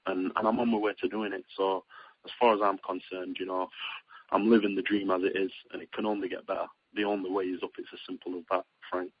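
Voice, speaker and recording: A young man from Britain speaks in a husky, slightly low voice, rambling through his answers with plenty of ums and restarts. The sound is dull and lo-fi, like an interview heard over a radio line. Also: quick pace, no echo. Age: young adult. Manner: rambling, many fillers and restarts, excitable when storytelling. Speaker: boxer being interviewed. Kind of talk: casual phone interview.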